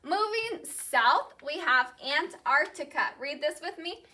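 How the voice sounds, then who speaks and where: A woman teacher leading a call-and-repeat classroom lesson, saying each vocabulary word slowly and clearly and then repeating it. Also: sits high, expressive, bright, forceful tone, a little hiss or hum. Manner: slow, clearly enunciated drilling of vocabulary.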